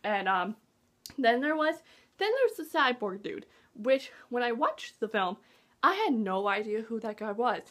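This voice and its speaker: A woman chatting casually in a movie review vlog, excitable, gasping and dropping into whispers, with lots of "like" fillers. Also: fairly high pitch, measured pace. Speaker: movie vlogger.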